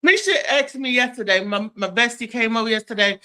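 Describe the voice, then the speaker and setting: A woman hosts a casual live-stream chat from home, talking in an animated way and breaking into loud exclamations. Her voice is bright and a little high, and she talks with a lot of energy. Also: fairly quick. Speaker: host.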